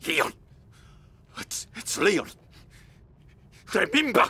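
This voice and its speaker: A man's voice: high-pitched, sing-song, extremely slow, pushed and bright, full character voice. A man voicing a starving, half-mad male wanderer in a video game, muttering in broken, swearing bursts with a foreign accent. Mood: frantic. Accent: foreign, unfamiliar to host. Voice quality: gravelly, raspy.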